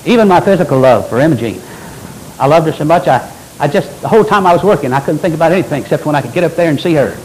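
An older man preaching a sermon as pastor, with animated delivery and folksy asides. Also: a little high, rapid-fire, slight background noise, rough recording.

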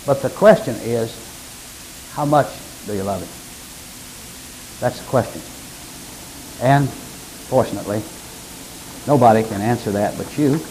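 A male preacher works through scripture in a sermon. His voice sits at a medium pitch, and he often climbs into sudden emphatic, louder peaks. A faint hiss runs under the recording. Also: measured pace, pauses often, poor audio.

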